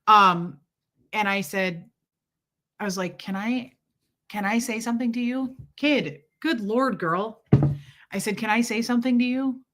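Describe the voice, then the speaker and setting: A woman's voice: fairly high pitch, a little slow, pauses often, background noise. A woman hosting a casual livestream from home, telling a rambling story and greeting viewers. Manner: rambling, chatty storytelling with asides to viewers and pets. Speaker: livestream host.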